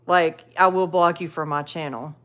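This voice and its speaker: A woman's voice: low-pitched, steady tone, moderate pace, a bit bright. A woman hosting a casual live stream, reading chat comments aloud and talking with viewers. She chats loosely, laughs often and fills her talk with "like". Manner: chatty, laughs often, many "like" fillers. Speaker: livestream host reading chat.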